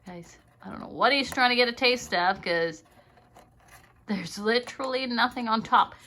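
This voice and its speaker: Pet-scolding woman with a bright voice. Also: a little high, moderate pace, slight background noise. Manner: scolding firmly, then cooing in baby talk. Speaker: pet owner filming her parrot. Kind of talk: casual vlog talking to a pet and viewers.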